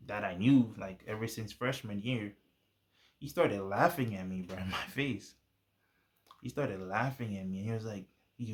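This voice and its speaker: A young man casually telling a personal testimony, using laid-back slang and plenty of fillers. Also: fairly low pitch. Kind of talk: casual storytelling.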